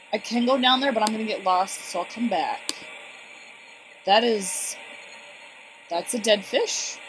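A woman giving casual, excitable commentary on a game she is playing, chatting to her viewers. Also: mid-range voice. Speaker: let's play gamer. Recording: steady background noise.

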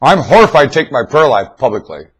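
A man's voice: mid-range voice, sing-song, quick pace, slightly rough. A man rambling in a loose monologue to his webcam, stammering and repeating himself. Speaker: webcam vlogger. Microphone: webcam mic.

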